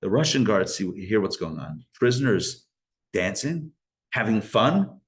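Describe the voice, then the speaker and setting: A male rabbi telling a story in a live Torah class, conversational and animated, often restarting his sentences and using Yiddish and Hebrew religious terms. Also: mid-range voice, unhurried.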